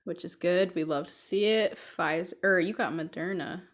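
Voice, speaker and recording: A woman's voice: on the low side, normal speed. A young woman co-hosting a casual podcast chat, telling stories and laughing often. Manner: laughs often, chatty and storytelling. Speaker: podcast co-host.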